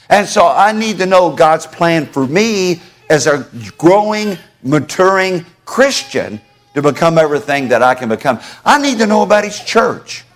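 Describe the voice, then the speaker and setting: A man preaching a sermon to his congregation in a church, folksy and conversational, calling on listeners by name. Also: fairly high pitch. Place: church sanctuary.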